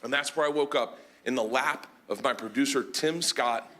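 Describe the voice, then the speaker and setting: A man doing stand-up comedy, telling a long story loudly and with animation, shouting his punchlines. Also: medium pitch, normal speed, a little hiss or hum. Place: comedy stage with audience. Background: audience laughter.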